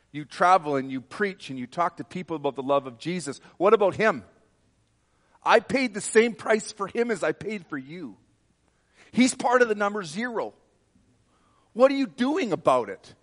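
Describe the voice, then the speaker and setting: A preacher putting on the voice of God, a stern male presence who rebukes and commands from the pulpit. The voice rides high and loud, pressing each question hard. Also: in a large hall.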